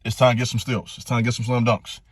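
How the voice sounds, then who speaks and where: A man delivering a fired-up motivational monologue, hammering the same commands over and over. His voice sits at an average pitch and jumps much higher when his passion peaks. The sound is dry and close, with no room echo. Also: monotone, fast, slightly rough. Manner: direct, preachy, repetitive exhortations, rising to passionate pitch. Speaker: channel host giving motivational talks.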